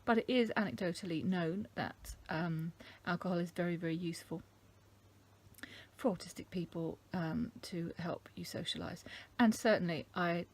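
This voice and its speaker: A middle-aged woman from England talking casually to camera, thoughtful and halting, with many ums. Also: on the low side, darkish tone. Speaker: vlogger. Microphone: camera mic.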